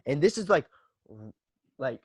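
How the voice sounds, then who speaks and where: A man's voice: medium pitch, moderate pace, a little mellow, dry recording, clean studio sound. A young man in his twenties, a podcast guest telling stories in loose, profane casual chat full of "like" and "bro".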